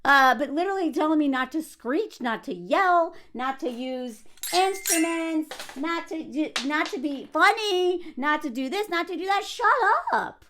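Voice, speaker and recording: A middle-aged woman ranting to camera in a loud, emphatic vlog, often breaking into yelling. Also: sits high, animated, normal speed, few pauses. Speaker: vlogger.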